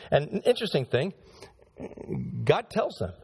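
A man's voice: mid-range voice, wildly swooping pitch, a little fast, a little mellow, husky. A male pastor preaching a sermon in church, speaking straight to the congregation and acting out the voices he quotes.

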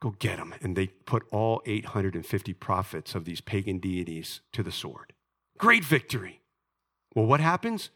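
Male pastor, middle-aged, sermon, bright forceful voice, dramatic swings from loud to hushed. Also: sits low, very animated, normal speed.

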